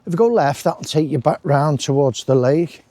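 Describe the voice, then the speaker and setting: A man's voice: on the high side, animated, moderate pace, dark tone, no room sound. A man chatting casually as he walks outdoors through a wooded park, rambling along with friendly asides. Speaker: walking vlogger. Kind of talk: casual walking commentary.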